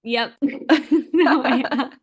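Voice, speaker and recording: A woman's voice: sits high, extremely slow, husky. A woman co-hosting a podcast, chatting casually and giggling as she tells stories. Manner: giggly, animated storytelling. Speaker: podcast co-host. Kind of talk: casual chat.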